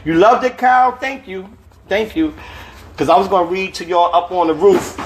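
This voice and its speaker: A man's voice: sits high, moderate pace, slight background noise. A man, an author, reading from his novel on a phone livestream and chatting casually with viewers in slangy talk. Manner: casual, slangy, chuckling often.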